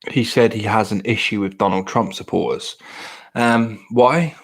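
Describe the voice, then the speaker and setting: A man's voice: fairly low pitch, a little slow. A young English man in casual podcast chat, blunt, profane and rambling. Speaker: podcast host.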